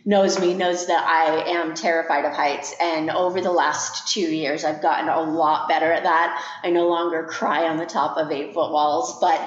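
Low-voiced woman chatting on a podcast. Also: level tone, normal speed, hardly any pauses. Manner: reflective, laughing often. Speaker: podcast co-host. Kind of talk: casual chat. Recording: echoey room, dull lo-fi sound.

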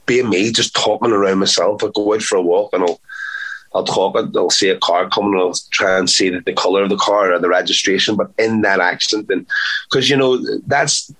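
Playful, chatty actor with a lowish voice. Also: male voice, steady tone, brisk, fairly bright tone, slightly rough, poor audio. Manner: chatty, playful, repeats words for emphasis. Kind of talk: casual interview chat.

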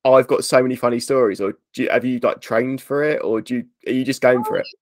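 A man's voice: medium pitch, steady tone, fast, a little mellow, dry recording, clean studio sound. A man hosting a podcast interview, eager and stumbling over his words. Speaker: podcast host. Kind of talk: casual interview chat.

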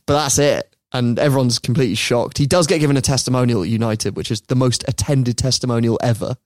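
A man's voice: mid-range voice, fast talker, a little mellow, no echo, clean studio sound. Chatty man telling a story. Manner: chatty, laughs often, puts on voices for quotes. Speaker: podcast host. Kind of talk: casual storytelling chat.

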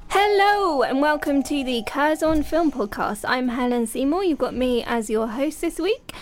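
Woman, podcast host, casual chat, giggly, slightly high voice. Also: lively intonation, normal speed, loud music behind the voice.

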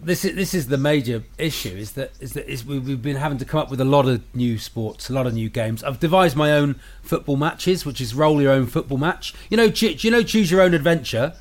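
A man's voice: medium pitch, expressive, brisk, few pauses. A man in his forties chatting casually on a call, jokey and self-deprecating. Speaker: homeschooling parent and radio presenter. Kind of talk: casual video call chat.

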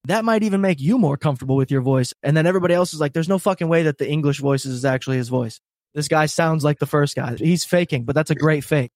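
Male podcast co-host, casual and profane, fairly high voice, dry close sound. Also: fast, no room sound. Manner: animated, profane, laughs a lot. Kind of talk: casual comedy podcast chat.

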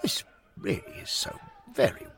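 A man's voice: normal speed, fairly bright tone, some chatter behind, lightly acted. A man voicing an enthusiastic older male ghost who speaks eagerly and exclaims often. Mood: delighted. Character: warm-hearted old male ghost, enthusiastic old friend.

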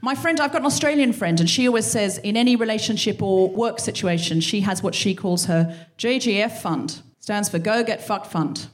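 In a live stand-up monologue at a concert hall, a woman podcast host speaks directly to the audience in a mid-range voice. She keeps a normal speed with hardly any pauses, swearing a lot and acting out both sides of a row on her own.

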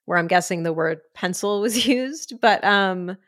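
A woman joins a podcast as a guest and chats in a relaxed way. She is quick with a joke and swears freely without much fuss. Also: mid-range voice. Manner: quick, playful, casually swearing. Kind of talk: casual podcast chat.

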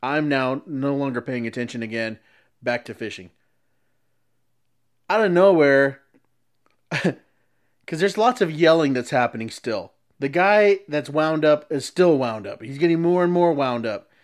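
A man's voice: medium pitch, lively intonation, measured pace, long pauses. Rambling man telling a story. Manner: rambling, restarts to explain. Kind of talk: casual storytelling.

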